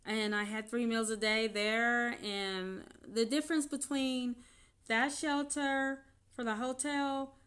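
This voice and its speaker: A woman with a fairly high voice recounts her own life to the camera in an unscripted vlog. She rambles, trails off and restarts her sentences as she tells the story. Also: steady tone, takes it slowly, fairly bright tone. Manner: rambling, emotional retelling with frequent restarts. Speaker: vlogger.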